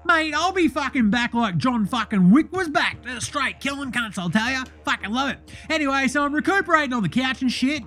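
Brash Australian sports bloke, put on by a man, crude and swaggering, pitched high for a comedy bit. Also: pushed and bright, heavily acted. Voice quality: brash, swaggering, foul-mouthed. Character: crude rowdy Australian male basketballer.

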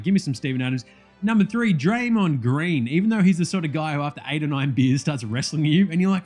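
A man's voice: on the high side, expressive, fast talker, a little mellow, soft background music. A man with an Australian accent giving a casual, profane, jokey rant about sport. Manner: profane, blunt, jokey banter. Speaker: sports vlogger.

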